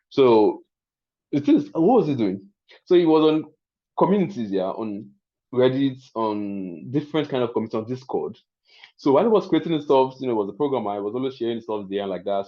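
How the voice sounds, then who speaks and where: A man with a Nigerian accent hosting a live webinar, chatty and excitable, often laughing as he teaches. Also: on the low side, lo-fi sound. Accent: Nigerian English. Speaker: webinar host.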